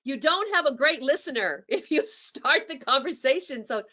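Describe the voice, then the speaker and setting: A woman giving a webinar presentation as a dental practice consultant, chatty and animated, acting out sample phone scripts. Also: high-pitched, normal speed. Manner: chatty, with frequent restarts.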